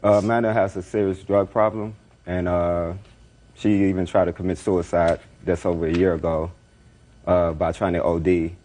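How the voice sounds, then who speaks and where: Low-voiced man rambling in court. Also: moderate pace, slight background noise. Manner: rambling, repeats himself, animated retelling. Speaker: defendant. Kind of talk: courtroom testimony.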